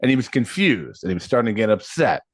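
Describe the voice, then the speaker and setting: A man in his thirties co-hosting a casual podcast, his pitch swinging widely as he tells stories. He acts out quotes and laughs often. The recording is close and dry, with no room sound. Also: big pitch swings, fast, dry recording. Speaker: podcast co-host.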